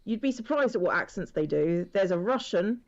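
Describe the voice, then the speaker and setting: A woman's voice: medium pitch, expressive, fairly quick, a little mellow. Teasing woman on a dull lo-fi call. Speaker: guest on call. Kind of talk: casual chat.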